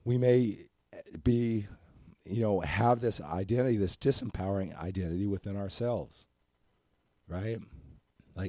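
A hoarse, scratchy-voiced man hosting a motivational podcast, talking earnestly in a rambling way and often asking "right?". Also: lowish voice, a little slow, pauses often, mellow, no echo, clean studio sound. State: hoarse from talking too much. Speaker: podcast host and coach.

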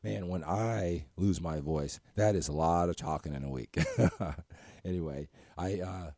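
A hoarse, scratchy-voiced man hosting a motivational podcast, talking earnestly in a rambling way and often asking "right?". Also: low-pitched, measured pace, dark tone, no echo, clean studio sound. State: hoarse from talking too much. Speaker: podcast host and coach.

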